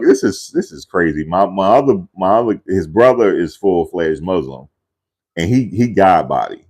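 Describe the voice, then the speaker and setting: A man's voice: low-pitched, expressive, normal speed, a little mellow. A man casually telling a rambling family story in a loose, slangy way, often repeating himself.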